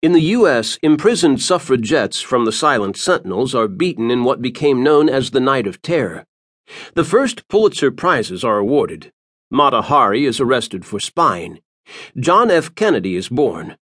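A male audiobook narrator reads expressively at a normal speed with a medium-pitched voice. The recording is dry, with clean studio sound.

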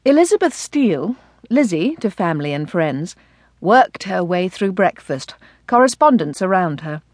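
Female audiobook narrator, measured, clear, animated pitch, dry studio sound. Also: dry recording. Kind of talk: scripted narration.

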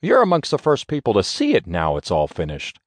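A man's voice: lowish voice, huge pitch swings, fairly quick, dry recording, voice pushed up. A man narrating an audiobook voices a cheery, chatty middle-aged boat skipper. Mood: cheerful.

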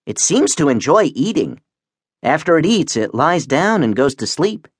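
A man's voice: on the high side, sing-song, normal speed, slightly rough, no room sound, clean studio sound, pitched above the performer's own voice. A male narrator voicing an earnest young crewman who explains things eagerly.

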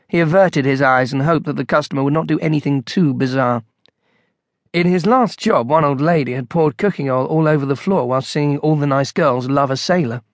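A man narrating an audiobook in a measured, wry storytelling manner on a close studio mic. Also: a little high, no echo.

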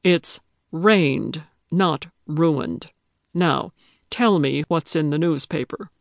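A woman doing a deadpan grumpy man. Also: sits low, takes it slowly, vocal fry, dry recording, clean studio sound, heavily acted. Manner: deadpan, condescending. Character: dry, sardonic grumpy man.

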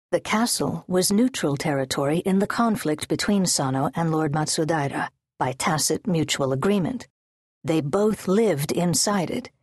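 A woman narrates an audiobook in measured, steady prose. Her voice sits low and carries a husky, breathy edge. The recording is close and dry, with no room around it. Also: dry recording. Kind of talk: scripted narration. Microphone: close studio mic.

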